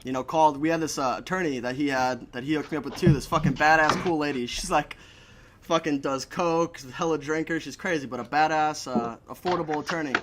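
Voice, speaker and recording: A man's voice: a little high, a little fast, very noisy. A young man telling a story in a casual chat, swearing a lot and laughing between lines. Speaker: podcast guest.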